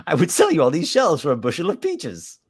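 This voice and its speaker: A man doing a pushy, flattering merchant. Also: fairly quick, slightly rough, full character voice. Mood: wheedling. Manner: wheedling sales pitch, grandiose. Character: pushy male gnome shell merchant, flattering.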